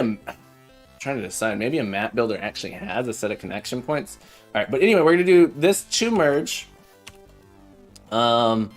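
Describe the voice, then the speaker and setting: Chatting in a friendly way with viewers, a man codes live and thinks out loud, stumbling through fillers and restarts. His voice is mid-range.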